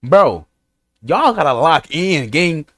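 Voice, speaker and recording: A man's voice: on the high side, very animated, slow, fairly bright tone, no echo, clean studio sound. A young man, reacting to a video in casual, slangy, rambling commentary to his chat. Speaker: streamer reacting to a story video. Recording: music playing behind.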